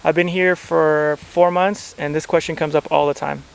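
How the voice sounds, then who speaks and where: Speaking at a normal pace with vocal fry, a man with a voice on the high side keeps a steady tone; the audio is clean. He's at a beach, chatting to camera about his travels in a loose, rambling style full of "like."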